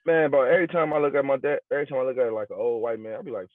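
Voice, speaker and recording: A man's voice: medium pitch, racing, no echo. A man in casual podcast chat, blunt and emphatic, swearing freely and leaning on slang. His voice comes through thin and tinny, with a close, dry sound and no room around it. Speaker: podcast co-host.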